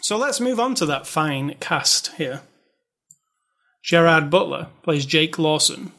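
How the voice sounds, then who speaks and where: A man's voice: a little high, lively intonation, slow, gravelly, sharp tone. Sarcastic casual man reviewing a film. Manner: blunt, sarcastic, laughs often. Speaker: podcast co-host reviewing a movie. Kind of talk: casual chat.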